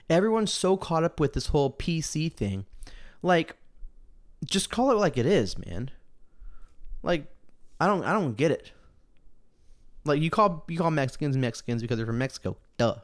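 A young man hosting a casual show, ranting in an animated, slangy way and mocking people with put-on quotes. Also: fairly high pitch, normal speed, pauses often. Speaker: podcast host. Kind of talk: casual opinion rant.

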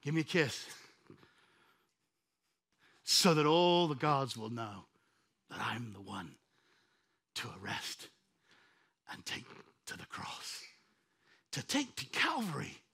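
A preacher voicing Jesus, calm and resolute. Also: male voice, mid-range voice, slow pace, vocal fry, long pauses, husky, voice pushed down, exaggerated voice. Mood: tender. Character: calm resolute man, Jesus facing betrayal.

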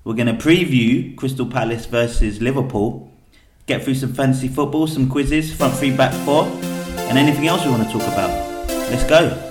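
A man hosting a casual football podcast, upbeat and loud as he introduces the show and asks his co-hosts questions. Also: medium pitch, normal speed, faint music behind. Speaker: podcast host. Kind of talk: casual chat about football. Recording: echoey room.

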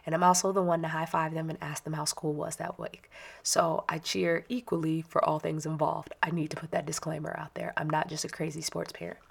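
Woman, 30s, parent, animated storyteller, low voice with some fry. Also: a little fast. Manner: animated, chatty, self-mocking. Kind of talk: personal storytelling monologue.

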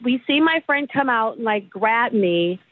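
A woman's voice: a little high, lively intonation, unhurried. Chatty woman over a tinny phone line. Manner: chatty, storytelling with "like". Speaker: caller on the phone. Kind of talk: telling a story on the phone.

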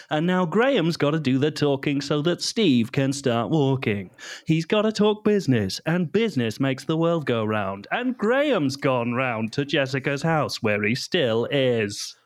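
A male comedy podcast host narrates and jokes at a quick, playful pace. His pitch moves a lot, and laughter breaks in often. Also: very animated.

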